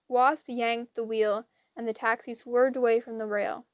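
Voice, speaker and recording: A woman reading an audiobook with lively, dramatic storytelling. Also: on the high side, unhurried, hardly any pauses, dry recording. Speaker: audiobook reader. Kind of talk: expressive audiobook narration.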